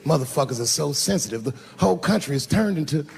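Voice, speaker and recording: A man performing a stand-up set, telling a profane story that swings from low, drawn-out lines to high shouts. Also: lively intonation, gravelly, a little hiss or hum. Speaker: stand-up comedian. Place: large theater stage. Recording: reverberant theater with loud crowd laughter.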